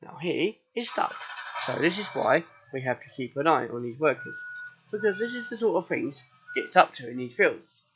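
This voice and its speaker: A man's voice: a little high, lively intonation, normal speed, dull audio, over music. A British man with a sore throat, chatting casually through a farming game as its host, rambling and answering his own questions. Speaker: let's play host.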